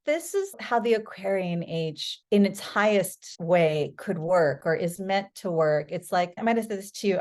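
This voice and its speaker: A middle-aged woman, a podcast guest, chatting in a casual storytelling way, lively and animated, often acting out what people said. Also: on the low side. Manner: animated, lively, acts out quoted voices.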